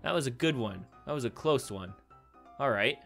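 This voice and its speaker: A young gaming YouTuber casually comments on a quiz game, rambling, thinking aloud, and laughing often as faint music plays behind him. His medium-pitched voice is expressive and a bit bright, with vocal fry, at a normal speed.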